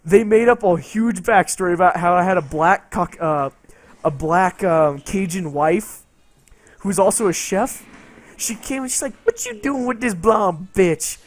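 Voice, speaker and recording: A man's voice: high-pitched, lively intonation, unhurried. Rambling, profane young-sounding male streamer. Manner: rambling, profane, laughing between lines. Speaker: game streamer. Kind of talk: casual storytelling on a stream.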